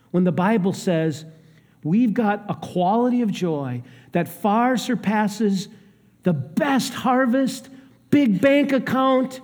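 A man preaching a sermon, swinging between hushed, low lines and raised, emphatic ones. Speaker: pastor. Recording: long hall reverb.

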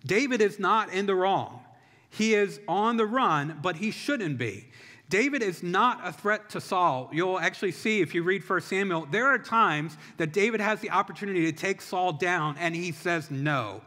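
Bright-voiced man preaching in a hall. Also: high voice, expressive, normal speed. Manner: storytelling, conversational with humor. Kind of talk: sermon. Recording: long reverb of a large hall.

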